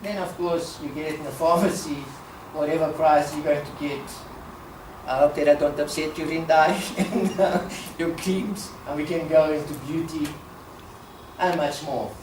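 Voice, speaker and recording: A woman from Africa, giving a passionate public talk, emphatic and quick to laugh. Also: deep voice, noisy background. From South Africa. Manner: animated, emphatic, laughs often. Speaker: speaker at a talk. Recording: echoey room, distant mic, faint ambience.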